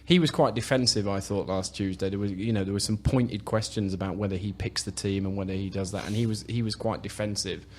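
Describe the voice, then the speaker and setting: Low-ish guy talking footy on a podcast, measured and opinionated, bit of background hiss. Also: steady tone, darkish tone. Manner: opinionated, measured, with repeated restarts. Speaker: podcast panelist. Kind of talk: casual football podcast discussion.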